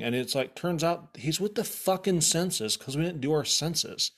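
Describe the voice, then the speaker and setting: A man's voice: a little high, normal speed, few pauses. A man casually telling a rambling story, swearing freely and filling it with "like.". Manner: profane, rambling with many "like" fillers; animated, exasperated retelling.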